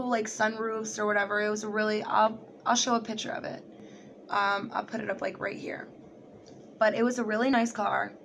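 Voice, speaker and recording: A woman's voice: medium pitch, slight background noise. A young woman telling a personal story to the camera in a rambling, casual way, full of "like" and "you know". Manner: rambling, heavy use of "like", animated retelling. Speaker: vlogger.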